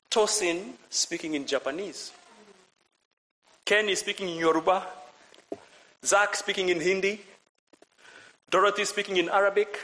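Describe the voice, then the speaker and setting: Man preaching, lively sermon, fairly high voice, repeats himself, quizzes the congregation. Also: unhurried, pauses often, poor audio. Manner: animated, asks the congregation questions and repeats phrases. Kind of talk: lively sermon with audience participation.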